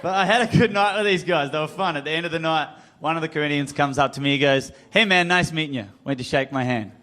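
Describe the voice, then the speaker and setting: High-voiced Australian man doing stand-up. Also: fast. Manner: sheepish storytelling, yells at himself. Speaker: stand-up comedian. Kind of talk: stand-up routine.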